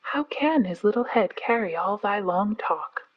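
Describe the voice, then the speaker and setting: A woman voicing a proud, sceptical panther who speaks slowly, quietly and mockingly in a storybook reading. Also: mid-range voice, lively intonation, lo-fi sound. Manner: slow, quiet, measured, mocking. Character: proud, cool black panther, dry and sceptical.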